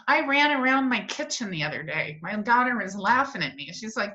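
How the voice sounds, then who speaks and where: A woman's voice: fairly high pitch, moderate pace, hardly any pauses, lo-fi sound. A middle-aged woman coaching a virtual workshop from her desk, talking with energy and acting out the voices of people she quotes. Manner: animated, acts out quotes. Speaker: wellness coach. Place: home office at a desk.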